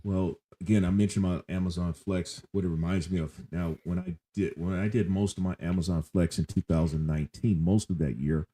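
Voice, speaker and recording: A man hosting a casual podcast interview, talking in a relaxed way with drawn-out fillers. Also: low voice, breathy edge. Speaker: podcast host.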